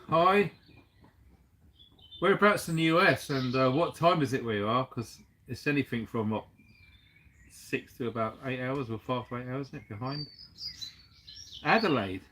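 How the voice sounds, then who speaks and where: A man's voice: on the high side, fairly bright tone, slight background noise. A man from the UK hosting a casual livestream, chatty and jokey, laughing often and using casual slang. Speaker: livestream host.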